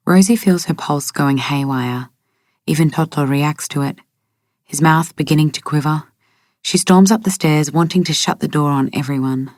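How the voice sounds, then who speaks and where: A woman narrating an audiobook in a steady, even way. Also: low-pitched, moderate pace, no echo, clean studio sound.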